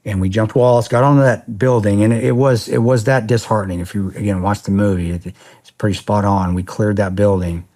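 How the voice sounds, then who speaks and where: A man being interviewed on a podcast, telling a story in a casual, animated way, swearing often and saying "man" a lot. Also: on the low side, brisk. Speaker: podcast guest, former soldier.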